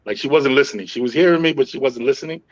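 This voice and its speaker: A middle-aged man hosting a podcast, telling stories in a calm, even tone with frequent "yo" and swearing. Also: mid-range voice, rapid-fire, muffled recording. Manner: calm, even-tempered storytelling with frequent "yo" and profanity. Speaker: podcast host. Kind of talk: casual podcast chat.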